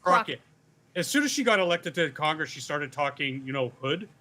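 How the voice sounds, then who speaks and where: A man with a fairly high, bright and forceful voice, talking loosely as a panelist. He rambles through restarts and swears freely in a casual, animated way. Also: a little fast.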